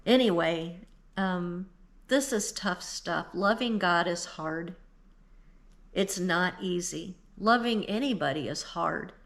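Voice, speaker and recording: A woman's voice: fairly low pitch, slow pace, fairly bright tone. A woman in her fifties giving an earnest, emotional devotional talk, speaking straight to the listener and tearful at times. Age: 50s. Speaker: Christian speaker.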